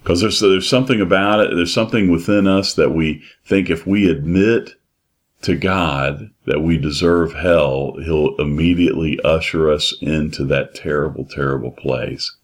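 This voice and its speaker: A man preaching a sermon in a slow, emphatic way, repeating his phrases. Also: very deep voice.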